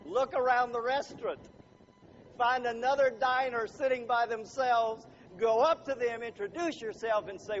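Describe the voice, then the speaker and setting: A man with a high voice gives a motivational speech, telling stories and laughing often as he quizzes the crowd. His voice comes through a dull, lo-fi recording with a faint hiss behind it. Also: steady tone, moderate pace. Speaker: motivational speaker. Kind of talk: storytelling speech to a live audience.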